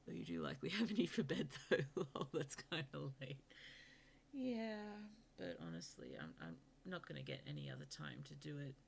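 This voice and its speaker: A woman's voice: low-pitched, sing-song, normal speed, creaky, a little mellow, slight background noise. A young woman streamer chatting casually late at night while wrapping gifts, sleepy and yawning, often dropping to a half-whisper and teasing herself.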